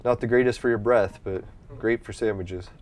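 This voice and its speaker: A man's voice: lowish voice, steady tone, normal speed, darkish tone, a little hiss or hum. Profane, rambling male gamer. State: runny nose from allergies. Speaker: gameplay streamer. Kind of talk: casual gameplay commentary.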